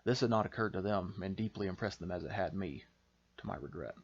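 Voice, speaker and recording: A man reads from his own novel in a measured, expressive storytelling voice. His voice sits low. The recording is a little dull and lo-fi. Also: creaky, slightly rough. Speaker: author reading his novel. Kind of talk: audiobook-style fiction reading.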